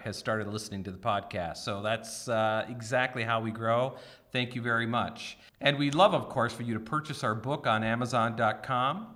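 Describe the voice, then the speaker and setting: A man's voice: mid-range voice, bright, forceful tone. A man co-hosting a podcast, chatting casually and enthusiastically. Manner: enthusiastic, promotional. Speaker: podcast co-host.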